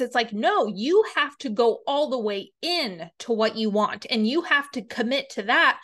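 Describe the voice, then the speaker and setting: A woman's voice: a little high, animated, a little slow, hardly any pauses, fairly bright tone. A woman hosting a podcast as a reverend, giving a blunt, emphatic motivational talk, swearing freely and repeating words for stress.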